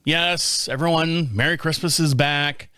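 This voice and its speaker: A man's voice: fairly high pitch, a little slow, pushed and bright, smooth, no room sound, clean studio sound. A man in his fifties with an American accent, hosting a casual solo chat show, rambling with restarts and swearing. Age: 50s. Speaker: podcast host.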